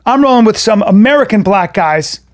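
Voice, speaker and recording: A middle-aged man co-hosting a podcast, telling a story in a loose, animated, profane way and acting out other people's voices. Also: high voice, brisk. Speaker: podcast co-host. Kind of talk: casual storytelling chat.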